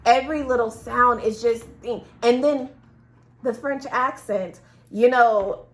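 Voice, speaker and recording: A woman's voice: fairly high pitch, a little slow. A woman co-hosting a casual chat about audiobooks, enthusiastic and gushing, laughing often. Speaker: podcast co-host.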